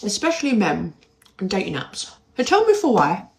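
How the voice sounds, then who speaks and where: A woman's voice: mid-range voice, wildly swooping pitch, normal speed. A woman ranting sarcastically about men on dating apps, exasperated. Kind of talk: casual vlog rant.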